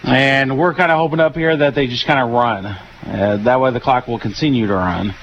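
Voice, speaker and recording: A tired male radio announcer with a Southern twang, calling a football game play by play in a relaxed, folksy way with many fillers. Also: mid-range voice, moderate pace, slight background noise. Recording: dull lo-fi radio broadcast.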